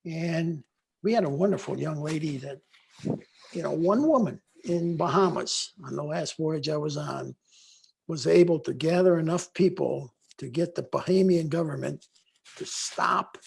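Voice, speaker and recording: A man's voice: on the high side, measured pace, gravelly, breathy edge. An older man on a video call, telling rambling stories about former students as a guest speaker. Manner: rambling with restarts, animated retelling. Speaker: guest speaker, longtime voyage faculty. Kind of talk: conversational storytelling.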